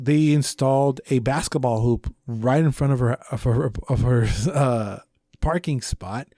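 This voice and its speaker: A young man co-hosting a casual podcast tells a profane story and acts out what he shouted. His pitch swings widely and sits a bit high. The sound is dry and close. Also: dry recording. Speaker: podcast co-host.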